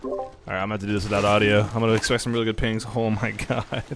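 A young man live-streaming a ranked match, flustered and exasperated as his tech fails, sometimes shouting. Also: lowish voice, little pitch movement, very fast, creaky, crowd noise.

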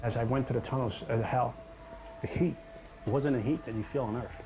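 A man's voice: mid-range voice, moderate pace, background noise. A man giving an earnest, dramatic personal testimony about his past. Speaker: testimony speaker. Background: music.

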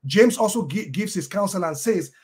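Male debater, high-pitched voice, halting delivery full of fillers, reads out scripture passages. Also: animated, a little mellow. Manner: halting, with many ums and uhs and restarts. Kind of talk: debate argument quoting scripture.

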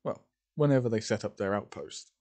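A man narrating an improvised fan story, halting often and correcting himself as he goes. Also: lowish voice, a little mellow. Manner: halting, with many fillers and self-corrections.

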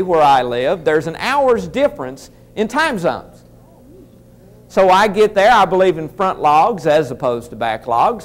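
A man telling a humorous story in a keynote speech, talking to his audience in a folksy way. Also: on the high side. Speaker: motivational speaker.

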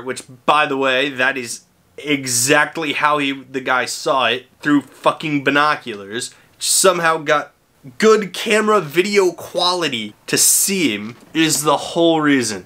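Exasperated man ranting, bright tense voice. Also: a little high, expressive, a little slow. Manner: exasperated, profane, sarcastic. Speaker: film reviewer. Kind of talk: casual ranting movie review.

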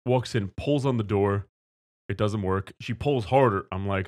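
A man's voice: on the low side, a little slow, a little mellow. A man co-hosting a studio podcast, telling a story casually, acting out voices and swearing freely. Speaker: podcast co-host. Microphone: studio mic.

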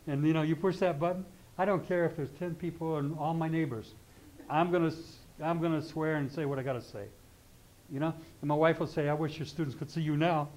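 A man's voice: on the high side, steady tone, brisk, darkish tone, a little hiss or hum, poor audio. Man, older, astrology teacher, informal class lecture, conversational, rambling asides. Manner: conversational, keeps checking in with "okay?".

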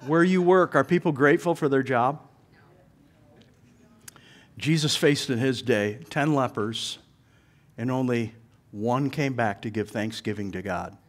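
A middle-aged man preaching a sermon in a church, telling funny stories with lively acted-out voices and laughter. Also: mid-range voice, unhurried, pauses often. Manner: animated storyteller, laughs while telling, acts out voices. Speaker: pastor. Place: church sanctuary.

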